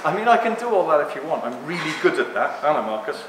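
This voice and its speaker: A man giving a rambling, joking live talk to an audience, speaking loudly without a microphone. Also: on the high side, very animated, quick pace. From Greek heritage. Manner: jokey, rambling, loud. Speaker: guest speaker. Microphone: no microphone, room recording. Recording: echoey room with background noise.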